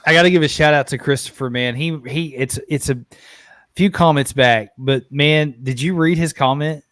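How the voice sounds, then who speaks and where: A man from Arkansas hosting a live podcast in a relaxed, chatty way, reading out viewer comments. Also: on the high side, moderate pace, no room sound, clean studio sound. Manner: relaxed, laid-back, laughs easily and says "man" often. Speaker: podcast host. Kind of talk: casual live-stream chat.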